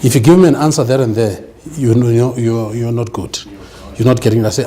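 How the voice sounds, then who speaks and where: A man's voice: medium pitch, steady tone, brisk, warm tone. A man giving an emphatic business seminar lecture, often checking that the audience understands. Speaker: business speaker.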